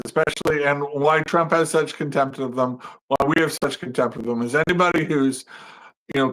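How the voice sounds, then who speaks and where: A man's voice: a little high, a bit bright, low-quality recording. A man co-hosting a political talk show, making his points emphatically and ending them with "right?". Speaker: podcast co-host.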